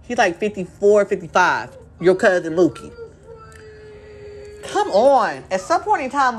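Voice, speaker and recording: Brief: woman podcast host, unscripted rant, swearing and taunting, mid pitch. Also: very animated, measured pace, soft background music. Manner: profane, confrontational, taunting; mocks others in quoted voices. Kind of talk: angry unscripted monologue.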